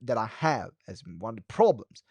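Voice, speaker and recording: A man teaching a live webinar as a speaking coach, talking quickly with many fillers and restarts and shifting his pace and pitch for emphasis. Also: big pitch swings, darkish tone, breathy edge, no echo. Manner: fast talker who varies pace and pitch; moves hands and head while talking.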